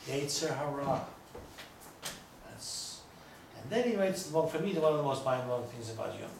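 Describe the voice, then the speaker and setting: A rabbi with a medium-pitched, expressive, slightly mellow voice with vocal fry speaks at normal speed. He gives a small audience a chatty, rambling lecture full of anecdotes and humorous asides. The recording is distant and echoey, with faint noise.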